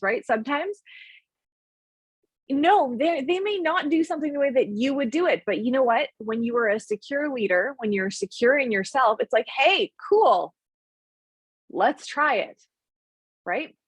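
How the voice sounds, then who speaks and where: A woman's voice: a little high, husky, no echo. A woman hosting a leadership study call, talking in a chatty way with many restarts and fillers. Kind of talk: casual group discussion.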